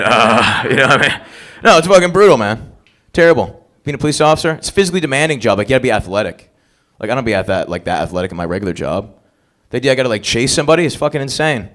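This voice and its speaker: Stand-up host, man, crude crowd-work, pitch jumping all over on a stage mic. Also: very animated, quick pace, a bit bright. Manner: crude, profane, crowd-working banter. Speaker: open mic host comedian. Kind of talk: stand-up comedy hosting. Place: comedy club stage.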